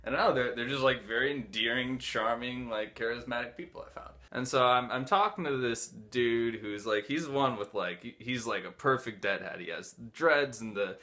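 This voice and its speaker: A man's voice: mid-range voice, normal speed, few pauses. A young man casually telling a personal story, animatedly acting out the dialogue of the people in it. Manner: animated, acts out dialogue in quoted voices. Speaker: host.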